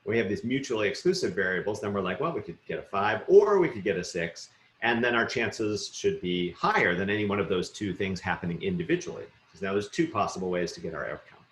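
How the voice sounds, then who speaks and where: Fast-talking male lecturer, roomy sound. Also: lowish voice, fairly bright tone, slight background noise. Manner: quick, conversational, many fillers and rhetorical "right?". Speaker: university genetics lecturer. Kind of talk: recorded lecture.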